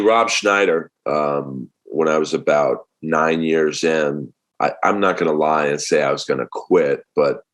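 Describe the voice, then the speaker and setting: Male comic guest, deep voice, rambling and easygoing with lots of fillers. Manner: relaxed storytelling with many fillers. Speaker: stand-up comedian guest. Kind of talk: casual interview talk.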